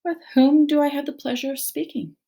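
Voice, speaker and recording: A woman voicing a calm, polite female robot who speaks formally and stiffly. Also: on the high side, a little fast, pitched above the performer's own voice.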